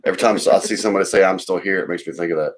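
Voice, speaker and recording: A man's voice: deep voice, racing. Guy cohosting a stream, teasing, rambling, laughs a lot. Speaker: live stream co-host. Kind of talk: casual chat signing off a live stream.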